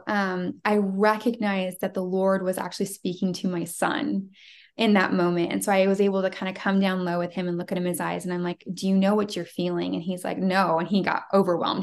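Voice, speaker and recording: Earnest storytelling woman, gravelly edge. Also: medium pitch, level tone, fairly quick. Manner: earnest storyteller, acts out dialogue. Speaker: podcast guest, prophetic trainer. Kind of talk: casual faith podcast storytelling.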